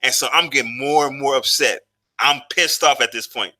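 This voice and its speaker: Bright-voiced man telling a casual story. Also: mid-range voice, moderate pace. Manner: loose and profane, heavy with fillers and restarts. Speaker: vlogger.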